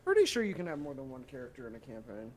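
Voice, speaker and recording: A man's voice: mid-range voice, huge pitch swings, rapid-fire, a little mellow, a little hiss or hum. A man playing in a streamed tabletop game, bantering casually and joking playfully. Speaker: player.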